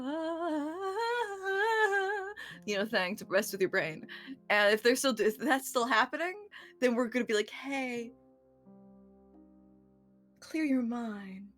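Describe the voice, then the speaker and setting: High, swoopy woman rambling thru a game recap, swearing and giggling, bit of music underneath. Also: a bit bright. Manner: rambling, giggly, swears freely, lots of restarts. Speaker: player recapping the last session. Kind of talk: casual recap of a tabletop game.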